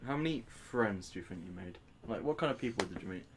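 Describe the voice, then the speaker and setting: Young bristol guy, co-host, animated stories, does little voices for people. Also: fairly low pitch, quick pace, a little hiss or hum. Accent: Bristol English. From England. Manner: animated anecdotes, acting out others' lines. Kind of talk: casual chat.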